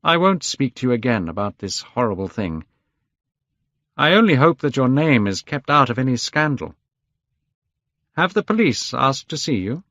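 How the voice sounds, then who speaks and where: A man plays a gentle, devoted painter, earnest and coaxing, his pitch raised and swinging widely. The sound is dull and dry, like a lo-fi home recording. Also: big pitch swings, moderate pace, long pauses, dry recording.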